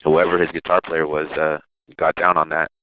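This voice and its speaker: A man's voice: extremely low pitch, flat delivery, moderate pace, phone-quality sound. A man, a rapper and producer, telling stories about his songs in a loose, rambling interview. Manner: loose, rambling, with restarts and laughs. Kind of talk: casual interview storytelling.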